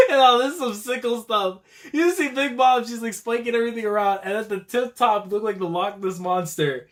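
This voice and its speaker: A man reacts live to a new manga chapter, slangy and quick to exclaim. His voice sits a little high for a man. The delivery is loose and conversational, like a streamer riffing with his viewers. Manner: excitable and slangy, with frequent exclamations.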